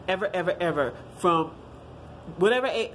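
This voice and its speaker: A woman's voice: on the low side, normal speed, a little hiss or hum. A woman, giving her blunt, profane opinions in a casual vlog and talking straight to her viewers. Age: 30s. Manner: blunt, profane and animated, addressing viewers as y'all. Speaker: vlogger.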